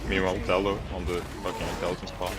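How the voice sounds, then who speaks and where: A man's voice: low-pitched, flat delivery, rapid-fire, very noisy. A man chatting casually while playing a co-op game with friends, explaining tactics matter-of-factly and swearing often. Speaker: co-player. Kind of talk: casual gaming chat.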